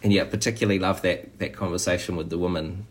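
A man preaching a sermon in a relaxed, conversational way, often restarting and saying "you know". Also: low-pitched, fast.

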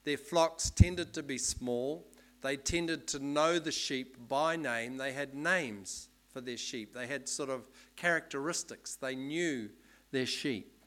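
A man's voice: mid-range voice, takes it slowly, fairly bright tone. Conversational male preacher. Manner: conversational, explanatory, with fillers. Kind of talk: sermon.

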